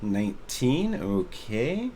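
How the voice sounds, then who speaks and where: A man's voice: mid-range voice, big pitch swings, takes it slowly, dark tone, slight background noise. A man narrating as game master for an online tabletop game, talking casually with lots of "like" as he describes the scene. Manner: casual, filler-heavy narration. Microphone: online voice call.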